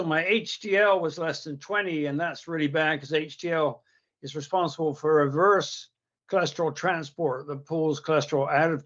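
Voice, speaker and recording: Slightly higher-voiced man explaining technical details. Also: lo-fi sound. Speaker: guest, pathologist. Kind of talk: conversational explanation.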